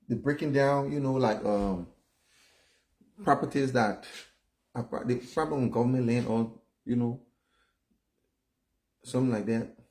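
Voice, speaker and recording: A man's voice: mid-range voice, dark tone. A man in his fifties from Liberia, with a Liberian English accent, giving casual opinion commentary in a blunt, chatty way that keeps checking in with "all right?" and "you know?". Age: 50s. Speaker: vlogger.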